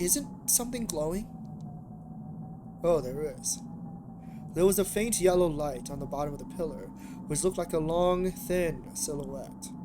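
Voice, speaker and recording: Male streamer reading a visual novel aloud, rambly and restarting, slightly high voice, noisy background. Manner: rambling, hesitant asides with many restarts. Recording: steady background noise.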